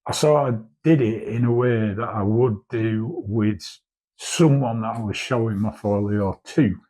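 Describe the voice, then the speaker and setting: A man's voice: fairly low pitch, warm tone, slightly rough. A man in his fifties, a commercial artist, chatting casually and rambling through a vlog, swearing now and then. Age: 50s.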